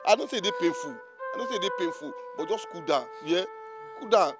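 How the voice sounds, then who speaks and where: A man's voice: high voice, animated, a little fast. An actor playing a friend who consoles a grieving man, talking soothingly in Nigerian Pidgin over film music. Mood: consoling. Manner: soothing, persuasive Pidgin talk. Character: older friend consoling, steady male elder. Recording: film soundtrack with loud music.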